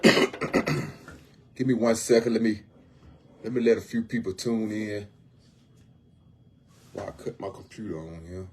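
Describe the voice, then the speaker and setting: A man with a low, husky voice speaks on a casual livestream from home. He talks earnestly and circles back, repeating his phrases as he goes. His tone stays plain and personal. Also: unhurried, pauses often. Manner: earnest, repeats himself often. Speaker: homeless outreach volunteer.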